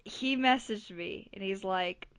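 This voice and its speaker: A young woman co-hosting a podcast in casual chat, bubbly and excitable, laughing often. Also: medium pitch, takes it slowly, dry recording. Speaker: podcast co-host.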